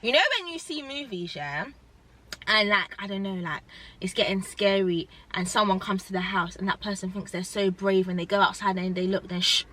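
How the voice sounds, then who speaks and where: A young woman, telling a storytime in a rambling, animated way and saying "like" often. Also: mid-range voice, moderate pace. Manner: animated, rambling, heavy use of "like". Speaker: vlogger. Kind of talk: casual storytime chat.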